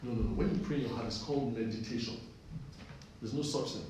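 A man's voice: medium pitch, fast talker, a little mellow, a little hiss or hum. Man preaching in an echoey room. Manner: conversational preaching, repeats phrases for emphasis. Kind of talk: sermon with personal story. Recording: echoey distant room recording.

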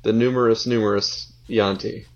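Gravelly low man on a muffled mic. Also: steady tone, normal speed. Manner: hesitant, many "uh"s. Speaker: podcast co-host. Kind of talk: casual chat.

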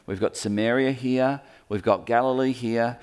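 Animated male preacher telling a story. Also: mid-range voice, moderate pace, smooth. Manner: lively storytelling, acts out quoted voices; speaks to the room, pointing at a map. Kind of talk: sermon.

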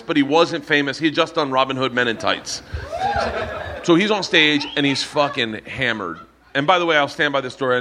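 A man's voice: mid-range voice, a little hiss or hum. A man hosting a comedy podcast, telling profane stories with friends in a bar before a live audience. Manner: animated, profane, quick anecdotal delivery. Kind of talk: storytelling with friends.

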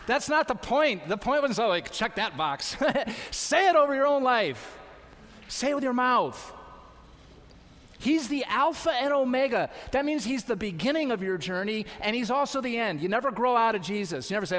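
A man's voice: extremely high pitch, animated, normal speed, a bit bright, in a large hall. A man preaching a sermon as pastor, exhorting his congregation with repeated calls to trust and obey. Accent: American. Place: church sanctuary.

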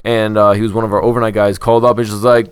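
A man telling relaxed work anecdotes in a casual chat. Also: on the low side, rapid-fire, clean tone, no room sound, clean studio sound.

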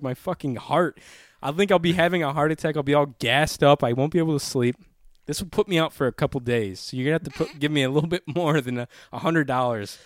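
A man's voice: mid-range voice, dry recording, studio quality. A young man co-hosting a casual podcast, laughing often and swearing freely. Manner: laughs often, loose and profane. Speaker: podcast co-host.

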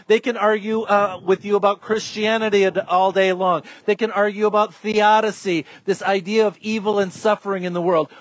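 A man's voice: sits high, dry recording. A man preaching a sermon as a pastor, emphatic and repeating his key phrases.

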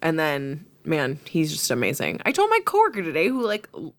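Animated woman hosting a casual podcast chat. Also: sits low, brisk. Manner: animated, laughing storyteller who acts out quotes. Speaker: podcast host.

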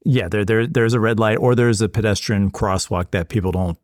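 A man co-hosting a podcast, relaxed and casual, often restarting his sentences. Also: lowish voice, fairly quick, no room sound, clean studio sound. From California. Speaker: podcast co-host.

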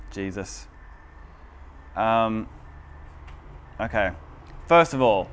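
A man's voice: medium pitch, fairly bright tone, clear, resonant tone. A man giving a casual, chatty teaching talk in a church room, often asking the audience whether they follow. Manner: chatty and informal, asks the audience for agreement.

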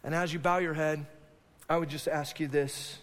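A male pastor preaching a sermon to his congregation, animated and acting out quoted voices. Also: a little high, moderate pace. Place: church sanctuary. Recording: long hall reverb.

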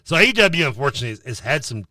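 A man co-hosting a sports radio show, talking in an animated, ranting way. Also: medium pitch, racing, dry recording, studio quality, far from the mic. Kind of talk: casual sports talk.

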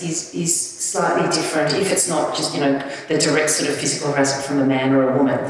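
Low-voiced woman telling a story on stage. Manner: animated anecdotal storytelling with laughs. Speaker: author and guest speaker. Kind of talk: live stage conversation, storytelling. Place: live event venue. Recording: echoey hall from far off.

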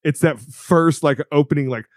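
A man co-hosting a podcast, bantering in crude casual chat and explaining with lively asides. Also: on the high side, moderate pace, no echo, studio quality. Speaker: podcast co-host. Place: studio.

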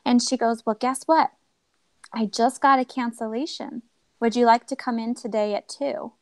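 A woman guest telling a personal story in a lively way, acting out what others said to her. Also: on the high side, moderate pace, no room sound. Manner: animated, acts out quoted voices. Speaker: podcast guest.

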